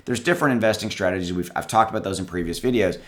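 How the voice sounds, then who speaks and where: A crypto YouTuber speaks very fast in a lowish voice, vlogging casual investing tips direct to camera from a home with dogs. He's conversational and loose, restarting a lot, repeating words, and addressing his viewers as guys.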